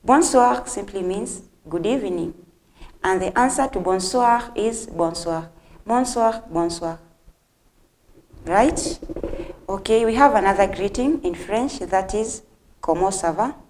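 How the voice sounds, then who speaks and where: A woman hosting a televised language lesson, speaking directly to the viewers and repeating phrases slowly for learners. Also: medium pitch, darkish tone. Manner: friendly, addresses viewers directly. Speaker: host and French teacher.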